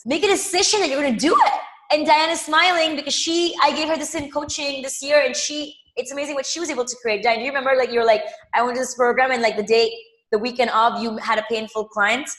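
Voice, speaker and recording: A woman's voice: high-pitched, steady tone, quick pace, fairly bright tone, reverberant. A woman leading a live money coaching session, emphatic, repeating phrases and calling viewers by name. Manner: addresses viewers directly by name.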